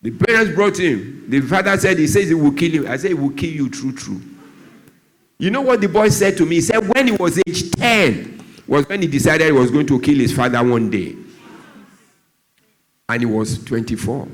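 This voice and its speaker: A man's voice: lively intonation, normal speed. A Nigerian man, a doctor who speaks on drug abuse, gives a church talk. He tells stories and acts out the voices of the people in them. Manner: storytelling, acts out dialogue, shifts pitch a lot.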